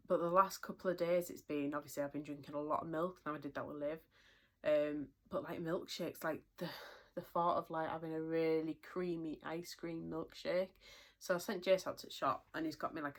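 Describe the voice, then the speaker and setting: Breathless chatty British woman, low voice. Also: steady tone, a little fast. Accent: British English. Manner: chatty, rambling, many fillers. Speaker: vlogger. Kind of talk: casual pregnancy update.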